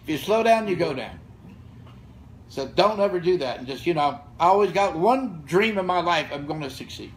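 Telling stories on a podcast where he's the guest, a gym founder in his 60s speaks bluntly and profanely, all fired up. His voice is a little high and animated at a normal speed, captured on a rough recording with room ambience from a gym or studio.

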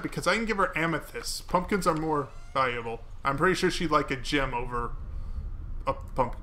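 Chatty gamer guy, bright forward tone, talks to himself and viewers. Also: a little high, expressive, moderate pace. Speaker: gaming video host. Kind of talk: let's play commentary.

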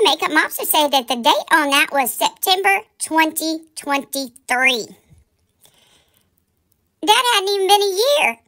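A woman hosting her own commentary channel launches into a heated rant, scolding and firing off rhetorical questions. Her high voice comes across bright and sharp.

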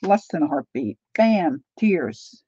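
Woman, middle-aged, crafting livestream host, chatty, mellow dark voice, dull lo-fi sound. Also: low voice, big pitch swings, slow, slight background noise. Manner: chatty, talks to viewers while working.

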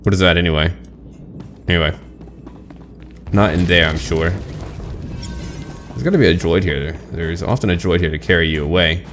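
A man's voice: sits low, moderate pace, long pauses, a bit bright, soft background music. A man casually commenting on his online role-playing game, chatty and self-mocking about getting lost. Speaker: gaming channel host.

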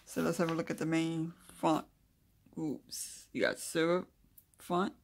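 Gravelly-voiced host of a casual lettering tutorial. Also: mid-range voice, fairly even intonation, unhurried, slight background noise. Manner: reads notes aloud, then chats loosely while demonstrating; thinks aloud with mumbled asides while drawing. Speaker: craft video host.

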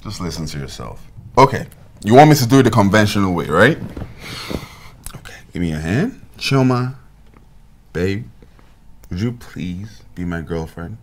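An actor playing a pushy young boyfriend who moves between coaxing and indignance. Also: male voice, low-pitched, expressive, moderate pace, pauses often, a little hiss or hum. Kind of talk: film drama acting. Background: soft film score.

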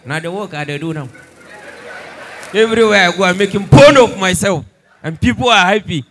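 Young Nigerian male comic, high-pitched and loud on punchlines, with light noise behind him. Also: brisk, long pauses. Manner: animated, shouting punchlines. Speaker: stand-up comedian. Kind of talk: stand-up comedy in Pidgin English.

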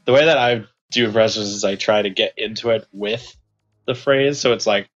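A man's voice: fairly low pitch, moderate pace, a bit bright, lo-fi sound, faint music behind. A young man co-hosting a podcast in casual chat, rambling and laughing often. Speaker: podcast co-host.

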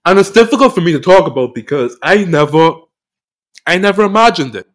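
A man hosting a podcast, telling a personal story of loss in an emotional, halting way, often repeating phrases, with earnest faith. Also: high voice, expressive. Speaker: podcast host.

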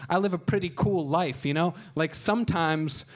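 A man in his thirties tells stand-up stories in a fairly high voice. His delivery is dry and deadpan, with crude asides, and he slips into voices for the people he quotes. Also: moderate pace. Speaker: stand-up comedian. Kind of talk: stand-up storytelling. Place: comedy show stage.

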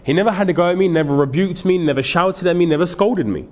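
A madrasa teacher delivers an earnest, emphatic lecture in the style of a sermon, switching between English and Urdu and quoting Arabic. His voice sits high with lively intonation, and he speaks quickly.

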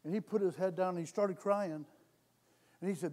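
A man with a notably high voice delivers a sermon in a church, circling back on his phrases and asking the room for amens. He starts conversational, then drives his points home louder and harder. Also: steady tone, normal speed. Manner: repetitive, calls for amens, builds to loud exhortation. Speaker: lay preacher. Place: church sanctuary.

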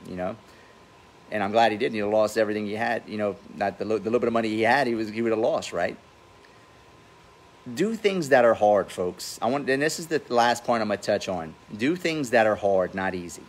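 Blunt, profane man with a low voice. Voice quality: says he has a funny accent. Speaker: real estate investor and host. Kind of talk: casual livestream talk. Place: at his home by the pool, outdoors.

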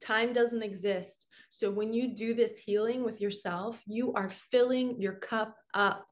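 A woman's voice: on the high side, steady tone, measured pace. A woman spiritual coach giving an earnest, emotional guided healing talk straight to her viewers.

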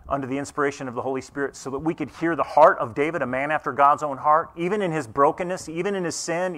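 A pastor preaching a conversational sermon in church, earnest and asking the congregation questions. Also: male voice, on the high side, a bit bright.

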